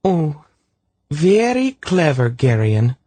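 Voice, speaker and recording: A man's voice: sits high, sing-song, moderate pace, breathy edge, no room sound, pitched above the performer's own voice, full character voice. A man voicing a sulky, spirited young queen stuck in bed, petulant and sarcastic. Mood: defiant.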